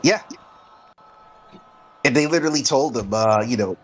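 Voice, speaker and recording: A man hosting a gaming stream, chatting casually with friends and breaking into excited play-by-play of the match. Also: mid-range voice, moderate pace, slightly rough. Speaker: streamer and host. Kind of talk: casual gameplay chat and commentary.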